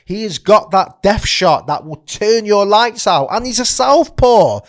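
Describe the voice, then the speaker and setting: A man giving his boxing analysis straight to camera, emphatic, often tagging "right?" onto his points, and growing loud and fired up as he praises a fighter. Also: high voice, expressive, a little slow. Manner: emphatic, keeps asking "right?". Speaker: boxing pundit.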